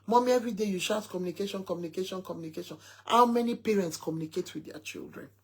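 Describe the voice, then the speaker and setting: A mother with a husky, mid-range voice talks fast in a casual chat with her followers, relaying an emphatic story and quoting her son at length.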